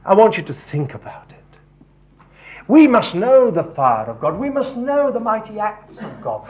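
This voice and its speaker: A man preaching a sermon, dropping to hushed tones and rising to loud emphasis. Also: on the high side, a little hiss or hum. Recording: dull lo-fi recording.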